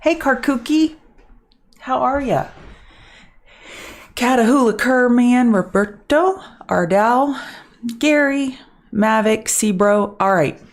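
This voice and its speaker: A woman's voice: a little high, slow pace, long pauses. Chatty woman greeting viewers. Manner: kept softer to avoid being loud. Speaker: trading show host. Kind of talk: live-stream market chat.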